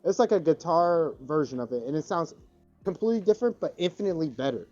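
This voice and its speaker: A man's voice: a little high, lively intonation, fast, darkish tone, lo-fi sound, soft background music. A man co-hosting a podcast in casual chat, rambling and profane. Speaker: podcast co-host.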